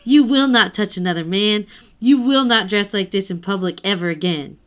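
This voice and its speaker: A woman's voice: medium pitch, normal speed. A woman co-hosting a podcast in casual book chat, blunt, swearing and laughing. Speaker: podcast co-host.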